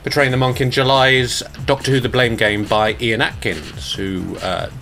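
A man's voice: mid-range voice, fairly even intonation, moderate pace, creaky, pushed and bright, a little hiss or hum. Self-mocking Irish man, chatty. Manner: distracted and self-mocking, stumbling over words. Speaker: sound designer reading the news. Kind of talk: casual podcast chat.

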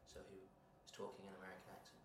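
A man's voice: low voice, completely flat delivery, rapid-fire, recorded from a distance. A man hosting a podcast interview, chatting casually and laughing along as he shares a short story. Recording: echoey room, off-mic, clear background noise.

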